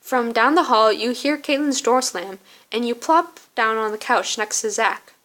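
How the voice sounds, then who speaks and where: A woman's voice: a little high, unhurried, fairly bright tone. Woman reading a story game aloud.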